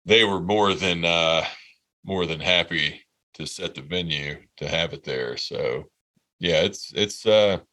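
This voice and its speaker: A man's voice: low-pitched, slow pace, bright, forceful tone. A man in his thirties, a podcast co-host, telling a rambling, heartfelt story in casual chat and swearing freely. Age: 30s.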